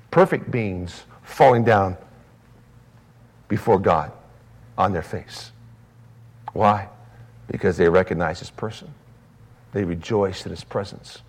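A man preaching a sermon as pastor, swinging from loud, raised emphasis to soft, low drops.

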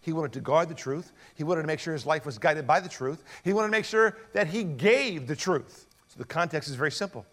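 Emphatic preaching man, fairly high voice. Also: fairly quick, few pauses, a bit bright. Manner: emphatic preaching with rhetorical questions. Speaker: pastor. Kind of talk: expository sermon.

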